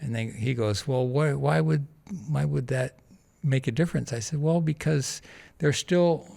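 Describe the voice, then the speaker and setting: A man with an ordinary, middle-pitched voice tells a story in a relaxed interview. He talks in a lively way, acting out each person's lines and breaking into laughter as he goes. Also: measured pace, vocal fry. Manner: animated anecdote-telling, acting out quoted voices, laughs often. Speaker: podcast guest, charity founder.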